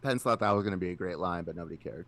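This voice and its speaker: A man's voice: low-pitched, rapid-fire, a bit bright. A man co-hosting a podcast, cracking jokes and mimicking people in casual chat. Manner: wisecracking, mimics people he quotes. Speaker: podcast co-host.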